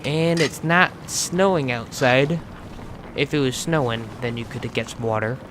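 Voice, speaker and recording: A man's voice: mid-range voice, unhurried, noisy background. An American man hosting a gaming channel, giving chatty let's play commentary as he plays, swearing freely and restarting words. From United States.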